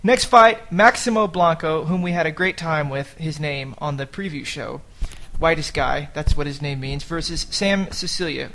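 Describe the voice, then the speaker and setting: A man's voice: fairly high pitch, moderate pace, vocal fry, hardly any pauses, bright, forceful tone. Chatty joking podcast host man. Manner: chatty, jokey, swears casually. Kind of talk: casual chat.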